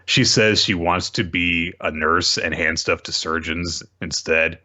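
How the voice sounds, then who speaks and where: A man's voice: sits low, a little slow, sharp tone. A man co-hosting a podcast, casually recapping manga chapters in a rambling way, often correcting himself and adding asides.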